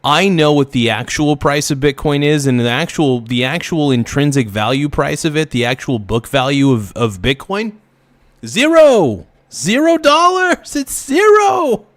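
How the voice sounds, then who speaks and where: A man of middle pitch rants through an angry reaction video. He swears freely, repeats himself and keeps building his outrage. The sound is dry and close. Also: normal speed, hardly any pauses, no echo. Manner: heated, profane, ranting with repeated phrases.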